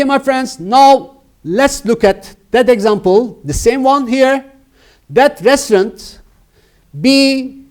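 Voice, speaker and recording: A man's voice: high-pitched, a little mellow. Emphatic Turkish-accented male teacher. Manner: emphatic, repeats words for students. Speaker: English teacher. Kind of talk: grammar lesson.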